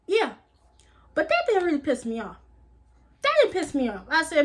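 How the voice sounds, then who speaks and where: A woman's voice: sits high, big pitch swings, moderate pace, long pauses, a bit bright. A woman talking straight to her viewers in a casual spiritual monologue, blunt and emphatic, swearing freely and repeating phrases for emphasis. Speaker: vlogger.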